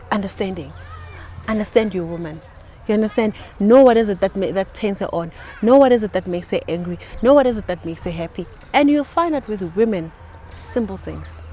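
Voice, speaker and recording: A woman in a relaxed talk-show conversation, her voice at a mid pitch. She explains her view calmly, with a faint hiss of background noise under her voice. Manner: calm, explaining, frequent affirming mm-hmms. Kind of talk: casual podcast chat.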